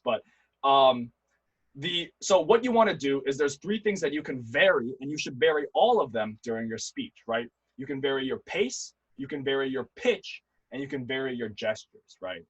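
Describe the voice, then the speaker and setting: Husky young man teaching debate online. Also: mid-range voice, brisk, low-quality recording. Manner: lively, demonstrative, swings between loud and quiet to show vocal variety. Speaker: debate instructor. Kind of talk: online workshop lecture. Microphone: computer mic on a video call.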